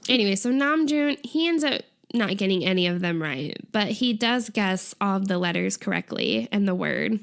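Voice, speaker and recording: A young woman co-hosting a casual podcast retells an episode with animated storytelling, saying "like" often and laughing frequently. Her medium-pitched voice is gravelly, moving at normal speed with few pauses.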